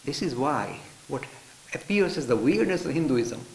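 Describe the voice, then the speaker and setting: Animated male storyteller-lecturer. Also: mid-range voice, normal speed, creaky. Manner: animated, acts out characters. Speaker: religious studies lecturer. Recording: roomy hall with faint hiss.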